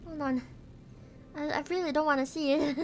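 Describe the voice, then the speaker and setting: A woman's voice: high voice, darkish tone. A woman streamer reading a horror game's text aloud as she plays, jumpy and prone to breaking off into yelps, swearing and nervous laughter.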